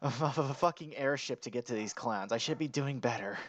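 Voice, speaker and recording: A man playing a tabletop game, excitable, laughing often and swearing in casual chat. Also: mid-range voice, fairly quick, no room sound. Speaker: player.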